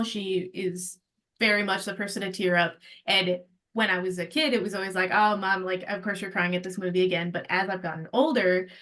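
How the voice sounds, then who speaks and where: A woman's voice: medium pitch, a bit bright. A woman co-hosting a casual podcast, speaking in a reflective way and laughing lightly. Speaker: podcast co-host.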